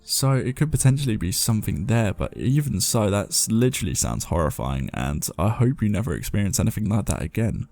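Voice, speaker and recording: A man with a fairly low voice hosts a paranormal show, mixing loose, rambling chat with reading listener stories aloud. He keeps poking fun at himself as he reads. Soft music plays faintly underneath. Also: big pitch swings, brisk, gravelly, few pauses, no room sound. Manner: rambling, self-mocking, chuckles while reading. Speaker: host of a paranormal podcast.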